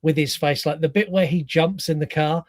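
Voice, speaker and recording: A man co-hosting a podcast in casual chat, expressive and swearing casually, acting out little lines as he tells them. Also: on the high side, moderate pace, no room sound, clean studio sound. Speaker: podcast co-host.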